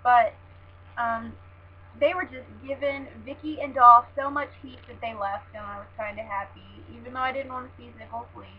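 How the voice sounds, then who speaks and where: Gushing high-voiced young woman. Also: fairly even intonation, moderate pace. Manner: gushing, chatty, full of "like" and "oh my God". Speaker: wrestling fan vlogger. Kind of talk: casual show recap. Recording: dull lo-fi sound with faint hum.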